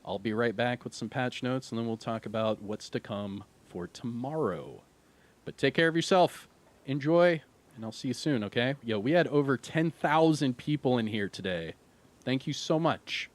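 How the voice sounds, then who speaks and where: A man's voice: medium pitch, moderate pace. A middle-aged man streaming live, chatting casually and reading viewer questions, laid-back and rambling with lots of fillers.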